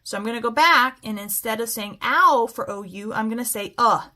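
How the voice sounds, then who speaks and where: A woman teaches a phonics lesson in a bright, fairly high voice. She draws words out sound by sound and keeps checking in with a gentle "okay?". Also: normal speed. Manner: patient, keeps asking "okay?".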